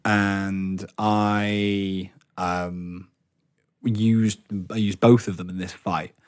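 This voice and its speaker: A man co-hosting a podcast, telling stories in casual chat, lively and swearing freely. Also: sits low, drawn-out words, smooth. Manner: animated, swears freely, acts out quotes. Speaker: podcast co-host.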